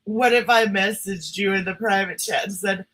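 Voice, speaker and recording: A woman's voice: medium pitch, normal speed, a bit bright, a little hiss or hum, poor audio. A woman hosting a livestream in casual chat, laughing often as she talks. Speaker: streamer host.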